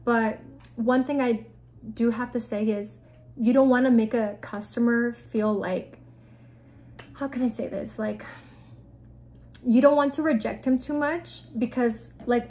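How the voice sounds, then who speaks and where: A woman's voice: a little high, steady tone, normal speed, mellow. Blunt, frank young woman vlogger. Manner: blunt, frank, with frequent 'like' and profanity. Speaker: vlogger giving advice. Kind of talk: casual advice vlog.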